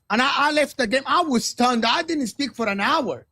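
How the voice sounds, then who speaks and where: Gravelly high-voiced man ranting about football. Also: big pitch swings, moderate pace, pushed and bright. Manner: passionate ranting, repeats his points. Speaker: guest football pundit. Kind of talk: heated football talk on a live stream.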